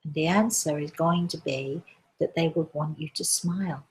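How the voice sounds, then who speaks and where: A woman hosting a live show as a medium, gently reassuring listeners and calling them darling. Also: low-pitched, moderate pace.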